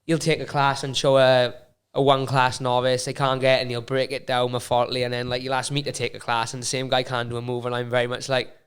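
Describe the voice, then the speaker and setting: A man hosting a casual interview, talking quickly, swearing and laughing often. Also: medium pitch, monotone, fairly bright tone, smooth. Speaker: host, fighter.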